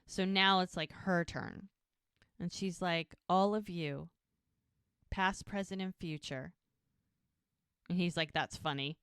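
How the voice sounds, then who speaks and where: A woman's voice: fairly low pitch, fairly even intonation, slow, pauses often, fairly bright tone, smooth, no echo, studio quality. A woman co-hosting a podcast, casually retelling a TV episode scene by scene, acting out the characters' lines and laughing often. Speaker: podcast co-host recapping a TV episode. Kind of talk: casual chat.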